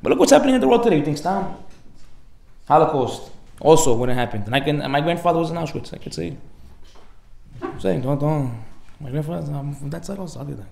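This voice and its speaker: A man giving a sermon as a rabbi, animated, acting out the voices in his stories. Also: a little high, fast talker, gravelly, pauses often, roomy sound, slight background noise. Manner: animated storytelling, acts out dialogue.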